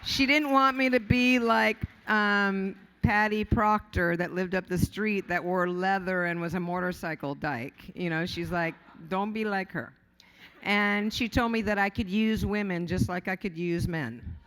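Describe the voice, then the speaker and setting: A woman speaks off the cuff at a podium in a large hotel ballroom, her voice smooth and resonant as it rings out into a long hall reverb. She rambles candidly through an acceptance speech, joking, swearing casually and tripping over fillers and restarts. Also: medium pitch, unhurried, fairly bright tone. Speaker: award honoree giving an acceptance speech.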